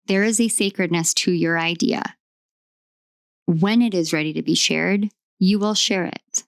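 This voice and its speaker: Slow, emphatic woman reading tarot. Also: medium pitch, no room sound, studio quality. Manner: slow, emphatic, repetitive affirmations. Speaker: tarot reader.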